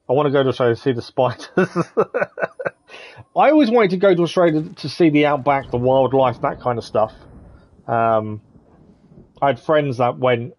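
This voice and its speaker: A man chats through a live gaming stream, friendly and rambling as he reads out viewers' messages. His voice sits in a middle pitch, recorded close and dry with no room echo. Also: highs cut off. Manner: chatty, friendly, reads chat aloud, says "to be fair" often. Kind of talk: casual gameplay commentary, chatting with viewers.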